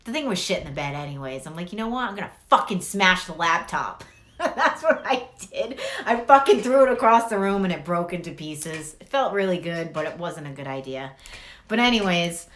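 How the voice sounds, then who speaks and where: A woman's voice: lowish voice, animated, normal speed. A woman giving a casual tarot reading who rambles, swears freely and laughs through her stories. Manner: rambling, profane, laughing storyteller. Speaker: tarot reader.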